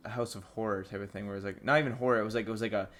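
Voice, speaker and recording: A young man with a lowish voice co-hosts a gaming podcast and talks fast. His chat is casual and offhand, full of fillers and quick asides. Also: steady tone, a bit bright. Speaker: podcast co-host.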